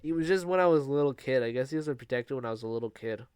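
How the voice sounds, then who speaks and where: A man's voice: mid-range voice, racing, a little mellow, smooth, no echo, studio quality. Young man rambling through a story. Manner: rambling, with fillers and restarts, laughing at himself. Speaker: vlogger. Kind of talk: casual storytelling.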